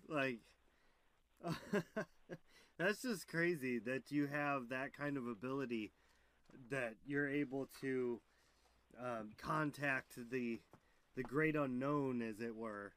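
Male host, relaxed interviewer, slow delivery, dry close sound. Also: medium pitch, dry recording. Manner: laid-back, reactive, with short affirmations. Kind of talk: casual interview.

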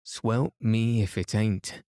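A man voicing a rough male traveller who claims a stolen baby, with a slow drawling dialect. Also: lowish voice, steady tone, warm tone, no room sound, studio quality. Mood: boastful.

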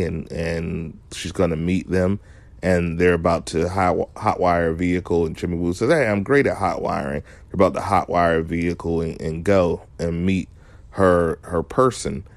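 A man's voice: low voice, no echo. A man giving a casual recap of a show episode, analytical and emphatic, often restarting his sentences.

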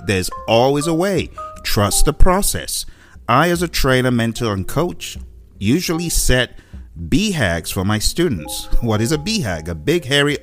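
A man hosting an exam-prep radio show, giving an upbeat, encouraging talk and telling a fable with chuckles. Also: mid-range voice. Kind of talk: motivational talk with a told story. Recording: voice over background music.

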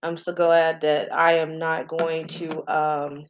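A woman's voice: sits low, completely flat delivery, slow pace, muffled recording. A middle-aged woman hosting a podcast, telling a story in a chatty, profane way with laughing asides. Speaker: podcast host. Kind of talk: casual storytelling chat.

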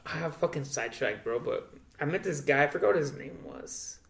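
A man's voice: on the high side, expressive, brisk, gravelly, fairly bright tone, a little hiss or hum. A young man talking in a casual, rambling way, swearing a lot and saying "dude" often. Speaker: guest. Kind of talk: casual chat. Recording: echoey room.

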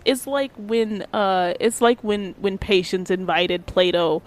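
A woman's voice: medium pitch, slow. A woman chatting casually about a TV show, rambling and hesitant with many fillers.

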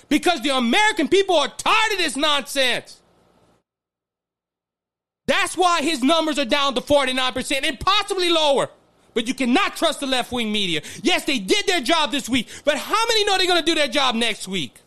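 A Louisiana man with a Cajun accent and a strikingly high, bright, tense voice, hosting his own political commentary show. He speaks with raw emotion, climbing to near-shouting, repeating himself and tripping over words as he presses his points. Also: big pitch swings, moderate pace. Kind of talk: impassioned political monologue.

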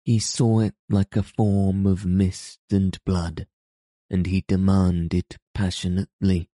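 A man reading a classic tale aloud as narrator, in a slow, measured way. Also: deep voice, flat delivery, warm tone, dry recording. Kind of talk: storybook reading.

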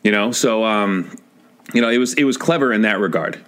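A man's voice: fairly low pitch, brisk, a bit bright. A man co-hosting a podcast in casual chat, laid-back and hesitant as he works through his points. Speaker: podcast co-host.

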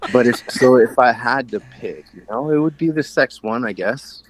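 A man's voice: medium pitch, moderate pace, crowd noise. A man co-hosting a casual podcast chat, talking frankly and rambling with frequent laughs. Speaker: podcast co-host.

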